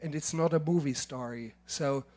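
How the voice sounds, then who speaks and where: An older man with a German accent tells stories from his working life to a lecture audience. His voice sits a little high, and he speaks in a measured, emphatic way, often restarting his sentences. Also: darkish tone. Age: 70s. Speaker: filmmaker giving a masterclass. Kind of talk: lecture with anecdotes. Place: lecture hall.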